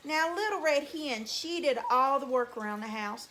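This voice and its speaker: A woman telling a folk tale to young children at story time, in a slow, sing-song, animated way. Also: sits high. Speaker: teacher reading to children.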